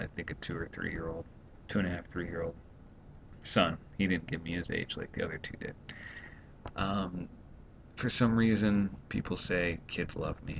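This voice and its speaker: A stay-at-home dad with a gravelly, low voice vents in a casual vlog monologue. He rambles and sounds exasperated, quickly acting out other people. The home recording is dull and lo-fi, with a faint rumble.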